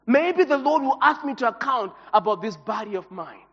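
Pastor, male, very high voice, passionate emotional sermon; recorded in a reverberant hall with a dull lo-fi sound. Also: expressive, normal speed, a bit bright, breathy edge.

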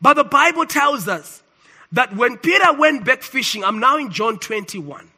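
A man preaching a sermon, emphatic and swinging between loud declarations and quiet asides. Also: very high voice, animated, unhurried, breathy edge.

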